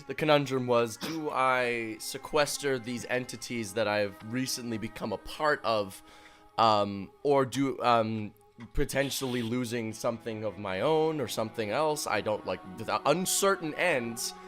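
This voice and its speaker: A man's voice: mid-range voice, unhurried, a bit bright, faint music behind. A man running a tabletop game who rambles, hesitates and laughs easily. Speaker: game master.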